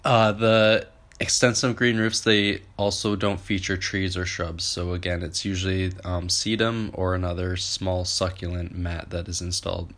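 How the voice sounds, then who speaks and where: A man's voice: low-pitched, flat delivery, normal speed, a bit bright. A man hosting an advice podcast, talking casually with fillers and self-corrections while getting over a cold. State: recovering from a cold. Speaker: podcast host.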